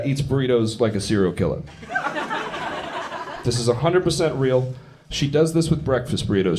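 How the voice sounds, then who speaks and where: A man's voice: mid-range voice, background noise. A man performing a profane, brash stand-up comedy set on stage, telling stories and acting out the people in them. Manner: brash, profane storytelling with acted-out quotes. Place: comedy club stage with a live audience. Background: audience laughter.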